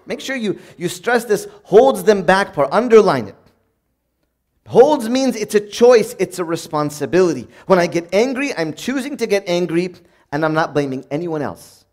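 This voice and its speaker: A man preaching a sermon in a conversational way, reading from old sayings and acting out everyday moments in a bright, upbeat voice. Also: high voice, very animated, moderate pace.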